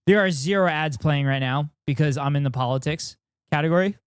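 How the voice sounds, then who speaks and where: Casting note: rambling, self-deprecating male streamer, crisp and dry close-mic sound. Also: a little high, fairly quick, dry recording. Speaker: streamer reacting with chat. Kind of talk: casual live-stream chat.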